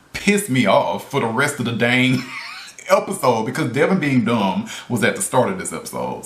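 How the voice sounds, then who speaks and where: Exasperated ranting man in an echoey room. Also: medium pitch. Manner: exasperated, incredulous, repeats himself, swears, laughs often. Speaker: video reviewer. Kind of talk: casual ranting commentary. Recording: roomy echo.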